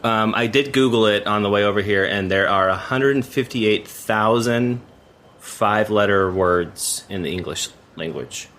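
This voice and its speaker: A man's voice: on the low side, a little slow, a bit bright, slight background noise. A man producing a podcast, chatting casually and rambling with lots of fillers and restarts. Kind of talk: casual chat.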